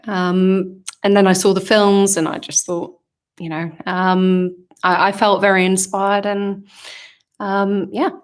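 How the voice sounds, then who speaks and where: A woman with a southern English accent, chatting casually on a livestream Q&A, reading fan comments aloud and answering in a reflective, hesitant way with many ums. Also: mid-range voice. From England. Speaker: singer answering fan questions.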